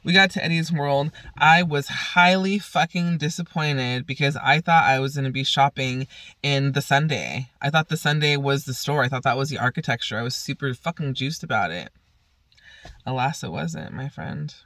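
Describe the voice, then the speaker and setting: A man's voice: mid-range voice, normal speed, sharp tone, dry recording. Profane, rambling young man telling a story. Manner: profane, rambling, laughs a lot. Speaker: vlogger. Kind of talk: casual storytelling.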